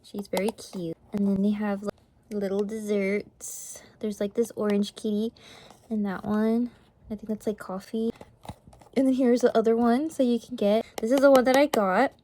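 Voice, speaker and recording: A young woman chatting casually in an unboxing vlog, gasping and gushing excitedly. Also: mid-range voice, normal speed, slight background noise. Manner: gushing, gasping, excited over cute toys. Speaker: vlogger.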